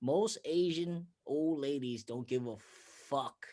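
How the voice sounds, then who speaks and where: Slow and warm with a medium pitch, this man from Bethlehem, Pennsylvania, USA, chats as a comedian guest on a laid-back podcast. He spins profane stories and performs the quotes in them.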